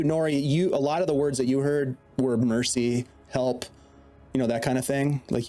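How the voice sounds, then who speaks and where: A man narrating a tabletop game as dungeon master, with measured, descriptive delivery. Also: mid-range voice, darkish tone.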